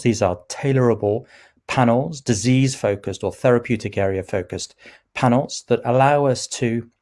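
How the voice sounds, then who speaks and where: Hesitant, croaky-voiced man presenting to investors. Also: on the low side, a little mellow. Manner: halting, many ums and restarts. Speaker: company chief executive presenting results.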